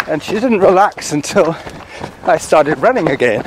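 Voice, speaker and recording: A man's voice: fairly high pitch, animated, normal speed. A man hosting a casual chat outdoors on a mountain trail, telling stories and laughing often. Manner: chatty, laughs often at his own stories. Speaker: podcast host. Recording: outdoor recording with clear background noise.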